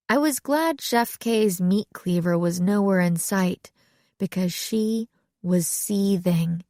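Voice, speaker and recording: A woman narrating an audiobook in lively storytelling. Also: medium pitch, slow, dry recording, studio quality. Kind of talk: scripted narration.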